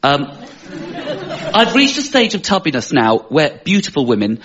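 A man, a comedian guest, doing a self-mocking stand-up routine in an animated manner. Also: on the high side, moderate pace, crowd noise. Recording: dull TV studio sound, loud audience.

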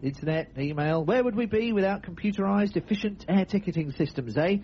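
A man's voice: high-pitched, expressive, brisk, dull audio, slight background noise. A man hosting a comedy radio show, telling odd news stories with playful, laughing patter. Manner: playful, laughing, jumps into funny voices. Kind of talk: jokey comic radio patter.

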